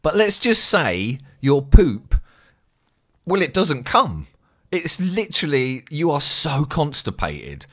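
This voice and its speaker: An English man telling a rambling, sweary story in a casual, animated way as a streamer. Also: fairly high pitch, takes it slowly. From England.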